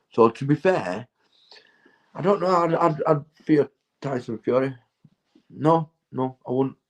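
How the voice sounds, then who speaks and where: A Northern English man in his forties, high and rambling as he chats to his stream viewers, swearing and laughing at himself. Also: a little mellow, rough recording. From England. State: intoxicated. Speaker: livestreamer. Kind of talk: rambling casual chat to viewers.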